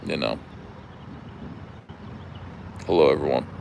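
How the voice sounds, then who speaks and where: A man with a New Jersey accent hosting a livestream outdoors, chatting casually in an animated, rambling way. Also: a bass voice, slow, gravelly, a little hiss or hum. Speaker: livestream host. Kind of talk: casual chat.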